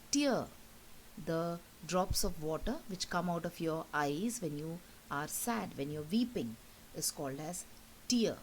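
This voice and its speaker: A woman with an Indian English accent teaches a recorded school lesson in a slightly low voice. She explains patiently, repeats each point and checks understanding as she goes. Faint noise sits under her voice. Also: low-quality recording. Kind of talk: recorded online class lesson.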